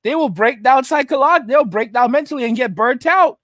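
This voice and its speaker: High-voiced man ranting emphatically. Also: fast talker, fairly bright tone, dry recording, clean studio sound. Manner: emphatic, repeats phrases, keeps asking "all right?"; slips into mocking put-on voices. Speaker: host of a commentary livestream. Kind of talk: ranting commentary, reading viewer chat.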